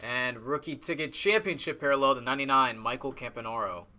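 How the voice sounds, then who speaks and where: A man's voice: mid-range voice, fairly quick, sharp tone. A man casually reading out trading cards as he opens packs on a live stream. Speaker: card box breaker. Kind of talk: live-streamed card break commentary.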